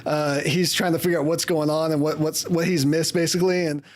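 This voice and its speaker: A man's voice: on the high side, little pitch movement, brisk. A man co-hosting a casual podcast, rambling through his thoughts and chuckling often as he chats with friends. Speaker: podcast co-host. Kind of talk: casual chat about comics.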